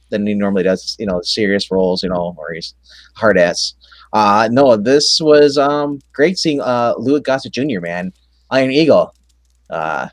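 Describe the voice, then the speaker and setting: A man co-hosting a casual movie review chat, halting and full of fillers, acting out scenes as he retells them. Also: medium pitch, no echo. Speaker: co-host.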